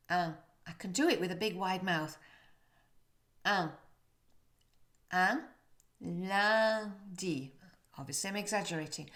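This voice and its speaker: A woman teaching French pronunciation, demonstrating sounds slowly and coaching the viewer to repeat. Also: fairly low pitch. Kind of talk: pronunciation lesson to camera.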